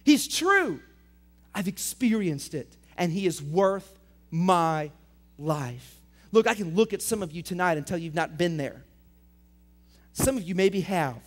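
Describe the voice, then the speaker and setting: A young adult man preaching to middle schoolers as their pastor, energetic, swinging between loud emphatic lines and quiet intense questions. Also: high-pitched, measured pace. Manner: reads scripture aloud, asks students direct questions. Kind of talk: youth sermon.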